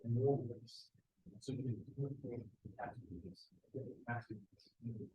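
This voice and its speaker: A man coaching a martial arts seminar, giving quick praise and short corrections to students. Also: mid-range voice, fairly even intonation, mellow, a little hiss or hum. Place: martial arts school, indoors. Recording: echoey training hall.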